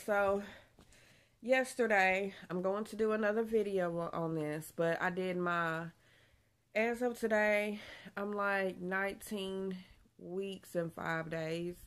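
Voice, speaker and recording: A woman's voice: medium pitch, sharp tone. Breathless, chatty woman vlogging. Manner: chatty, laughs often, says y'all. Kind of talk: casual pregnancy update vlog.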